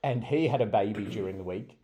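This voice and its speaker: Low, mellow Australian man chatting. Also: brisk. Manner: chatty, laughs often. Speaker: podcast co-host. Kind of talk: casual chat.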